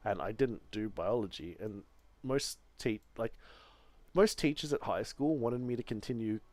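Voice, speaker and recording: A man's voice: lowish voice, normal speed, a little mellow, no room sound. A man with an Australian accent chatting casually, telling long stories with frequent restarts. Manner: rambling storyteller, frequent restarts. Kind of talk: casual chat.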